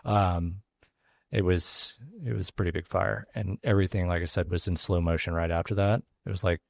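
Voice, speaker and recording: A man who runs a barbecue restaurant, telling a story as an interview guest, casual and halting with lots of fillers and restarts. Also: low-pitched, level tone, gravelly, dry recording, clean studio sound. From Texas. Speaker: pitmaster and restaurant owner, guest.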